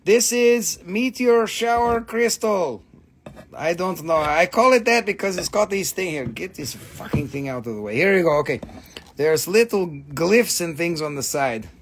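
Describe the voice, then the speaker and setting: A man's voice: fairly high pitch, lively intonation, normal speed, fairly bright tone, slight background noise. A man hosting a live sale of rocks and crystals, chatting casually with profane, teasing jokes. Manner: joking, profane, teasing banter; trails off with repeated fillers when flustered. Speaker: host selling rocks and crystals on a live stream. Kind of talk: casual live sales chat.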